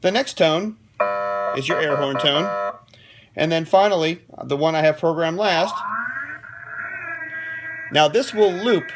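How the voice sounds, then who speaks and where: A man's voice: on the high side, a little slow, long pauses, loud music behind the voice. A man giving a casual, opinionated product demo from his closed office, often checking in with the viewer. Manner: chatty and opinionated, keeps checking in with "okay?". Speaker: siren dealer reviewing a product.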